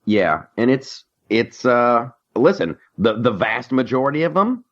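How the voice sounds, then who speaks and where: A man hosting a talk radio show, giving blunt opinions in an animated, joking way. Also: mid-range voice, unhurried, lo-fi sound. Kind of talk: casual political talk radio banter.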